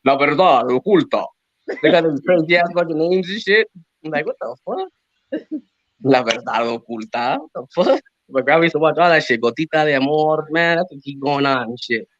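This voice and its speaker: Lively cursing comedian man, high-ish voice, dull dry recording. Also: a little fast, no room sound. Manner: profane, animated, slips into Spanish. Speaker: comedian guest. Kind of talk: casual podcast banter.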